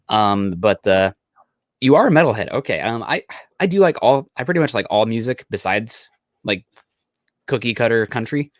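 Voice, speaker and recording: A man's voice: on the low side, dry recording, clean studio sound. A young man from Iowa hosting a podcast, chatting casually with lots of fillers. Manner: relaxed, filler-heavy rambling. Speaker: podcast host. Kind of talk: casual chat.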